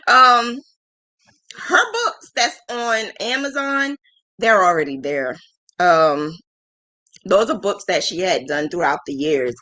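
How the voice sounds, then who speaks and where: A woman's voice: mid-range voice, lively intonation, slow pace, a bit bright. A woman in her thirties hosting a livestream in casual chat. She rambles frankly, often laughs, and pokes fun at herself. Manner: frank and self-deprecating. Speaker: livestream host.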